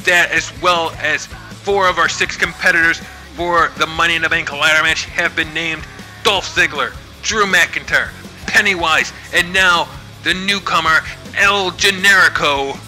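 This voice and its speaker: A man doing excited play-by-play wrestling commentary as host of his channel, building up to shouts at the big moments. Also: on the high side, measured pace, faint music behind.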